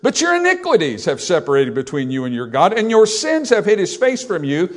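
A male pastor preaching a sermon, emphatic, asking the congregation rhetorical questions and building up loudly as he quotes scripture. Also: on the high side, huge pitch swings, fairly quick.

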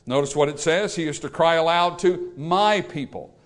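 Male pastor, slightly high voice, emphatic sermon delivery, asks the church questions. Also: moderate pace. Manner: emphatic preaching with rhetorical questions to the congregation. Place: church service.

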